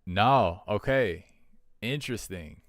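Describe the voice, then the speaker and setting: Man, stream host, very deep voice, short reactions, dry recording. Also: lively intonation, slow, no echo. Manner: short reactions and backchannel interjections. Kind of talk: casual interview chat.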